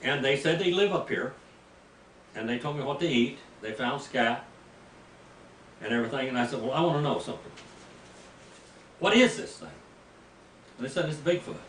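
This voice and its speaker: An older man, a pastor, preaching a sermon as an animated, folksy story with sudden loud bursts. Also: mid-range voice, a little fast, pauses often. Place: mission field, preaching to a group. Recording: roomy, distant mic with faint ambient noise.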